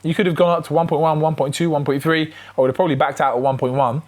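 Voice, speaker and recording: A man from Gibraltar with a Gibraltarian accent, speaking in a slightly higher register than most men. He tells his story in an animated way. His pitch jumps around, and he keeps turning to the viewer with frank, opinionated asides. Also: racing. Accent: Gibraltarian English. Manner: animated, acts out both sides of the chat with shifting pitch. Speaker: trading card collector and vendor. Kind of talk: storytelling vlog retelling a chat exchange.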